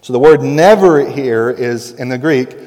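A male pastor in his thirties delivering a sermon with emphatic, building intensity, drawing out key words for weight. His voice sits at an ordinary mid pitch. The sound carries a long reverb, like a large sanctuary. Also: a little slow, a little mellow.

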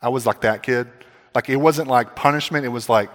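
A man preaching a sermon as pastor, with animated swings between loud emphasis and quiet asides. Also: mid-range voice, fairly quick. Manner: casual filler "like" in personal asides. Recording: long hall reverb.

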